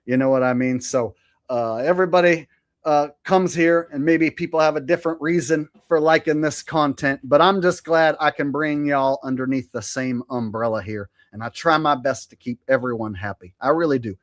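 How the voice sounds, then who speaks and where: A man's voice: a little high, normal speed. A man hosting a live stream, who chats loosely in a joking, profane way. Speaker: streamer host. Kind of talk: casual live-stream commentary.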